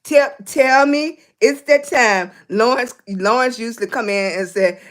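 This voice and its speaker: A middle-aged woman, hosting a casual livestream and greeting viewers warmly as baby and sweetie, hoarse and clearing her throat from a cough. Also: fairly high pitch, unhurried, few pauses. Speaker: livestream host.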